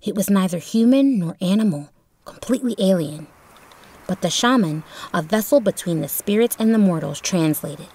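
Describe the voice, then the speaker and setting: A woman reading a storybook chapter in a steady, expressive narration. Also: mid-range voice, moderate pace, husky. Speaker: audiobook narrator.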